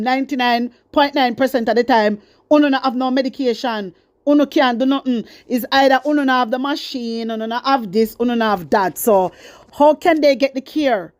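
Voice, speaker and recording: A woman's voice: sits high, a little mellow, dry recording. A woman with a Jamaican accent giving fiery, scolding news commentary, repeating herself for emphasis. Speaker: commentary host.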